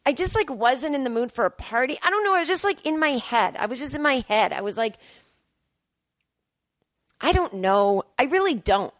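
A woman comedian in her thirties talking in a hotel room, rambling and self-deprecating as she hosts a casual solo podcast, jumping into high excited voices when she quotes herself. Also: moderate pace, dry recording.

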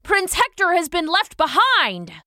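Lady voicing a stubborn greek king, bright and forceful, dry. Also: very high-pitched, big pitch swings, unhurried, no echo, pitched above the performer's own voice, heavily acted. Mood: alarmed. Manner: forceful, insistent. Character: proud, determined male Greek king.

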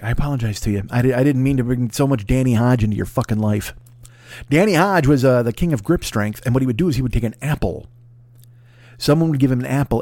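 A man rattles off a profane, rambling comedy monologue as a podcast host, his words tumbling out at a rapid clip. His pitch sits in an ordinary middle range. The recording is close and completely dry, with no room sound. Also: darkish tone, no echo. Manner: profane, rambling, jokey asides.

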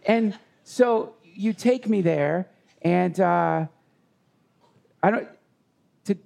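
A man telling a personal story in conversation, earnest and halting with many restarts. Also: sits high, vocal fry, a little mellow. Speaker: guest.

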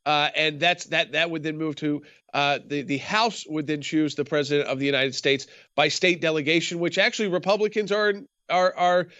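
A man speaks as a guest in a remote interview. His voice is high for a man and he explains carefully, backing up and restarting as he goes. The feed sounds dull and dry. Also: steady tone, moderate pace, hardly any pauses, sharp tone, dry recording. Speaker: guest commentator.

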